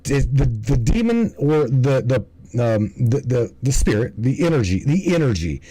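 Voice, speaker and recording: A man's voice: mid-range voice, very animated, normal speed, warm tone, breathy edge, no room sound, poor audio. A man hosting a livestream in casual commentary, rambling and swearing, often stumbling and restarting his words. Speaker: livestream host.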